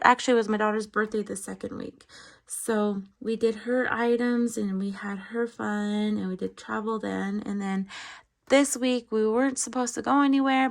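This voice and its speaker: A woman with a raspy voice chatting casually while counting cash at home at night, apologetic and a little out of breath. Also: mid-range voice. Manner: apologetic, rambling, counts money aloud. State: slightly out of breath. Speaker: budgeting channel host.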